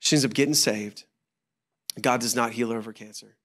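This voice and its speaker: A man's voice: medium pitch, fairly even intonation, brisk, a bit bright. A man, a pastor, preaching a sermon and telling a personal story, acting out voices and dropping to a whisper at tender moments.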